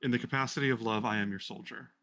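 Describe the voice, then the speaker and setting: A man's voice: mid-range voice, fairly even intonation, quick pace, sharp tone, close to an everyday voice. A man voicing a devoted, lovestruck young man who speaks in an earnest, tender, flowery way.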